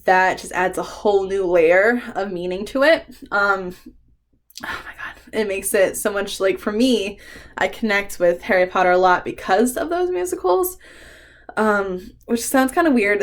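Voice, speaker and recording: A woman doing a casual book tag vlog, chatty and emotional, swearing freely and laughing between remarks. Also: mid-range voice. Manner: emotional, fond rambling with frequent ums. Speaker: book vlogger.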